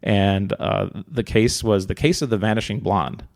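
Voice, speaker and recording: Gravelly low-voiced man telling a story. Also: moderate pace, no echo, clean studio sound. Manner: relaxed, rambling, many fillers, joking asides. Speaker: podcast co-host. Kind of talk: casual true-crime storytelling.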